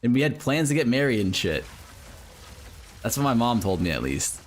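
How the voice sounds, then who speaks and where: Very animated and at a moderate pace, a medium-pitched American streamer rambles casually with his viewers. He fills his talk with fillers, swears and laughs often, and there's a little hiss or hum in the audio.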